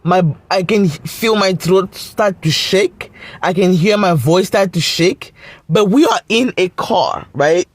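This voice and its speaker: A woman's voice: on the low side, slow pace, no echo. A woman telling a personal story in a casual vlog, blunt and full of swearing. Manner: blunt, profane, emphatic.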